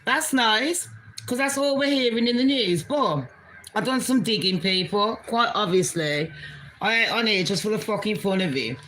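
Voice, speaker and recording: A woman with a British Jamaican accent rants into her vlog camera, swearing in nearly every line. Her voice is bright and cutting, and heat builds through her delivery. A faint hum of background noise sits under the talk. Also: mid-range voice, normal speed, low-quality recording. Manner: profane, heated, swearing constantly. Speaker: vlogger. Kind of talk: angry political rant vlog.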